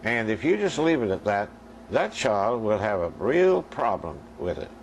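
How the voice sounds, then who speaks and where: An older man preaches a sermon, his voice gravelly and his pitch rising and falling with lively movement. He tells stories and acts out their conversations as he speaks straight to the congregation. A faint hiss of noise sits behind him. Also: normal speed, rough recording. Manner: storytelling preacher acting out dialogue, addressing the congregation directly. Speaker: minister.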